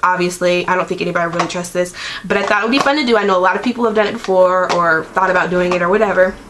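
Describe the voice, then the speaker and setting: A woman's voice: fairly low pitch, steady tone, rapid-fire. A young woman in her twenties talks to her camera at home in a loose, rambling vlog style. She leans heavily on "like" and "um" as she goes. A faint background hum sits under her voice. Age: 20s. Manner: chatty, rambling, lots of "like" and "um". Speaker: vlogger. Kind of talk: casual chat.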